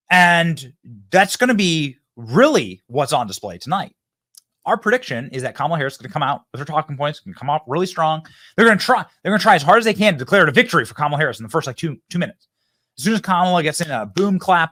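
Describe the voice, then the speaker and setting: A man's voice: a little high, lively intonation, pushed and bright, dry recording, clean studio sound. Hyped man hosting political commentary. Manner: hyped, fast, stumbles and repeats words. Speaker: political show host.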